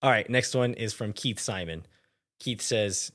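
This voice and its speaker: A man co-hosts a soccer podcast in casual, easygoing chat. His voice sits a little low. He thinks out loud, wandering into loose asides. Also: unhurried.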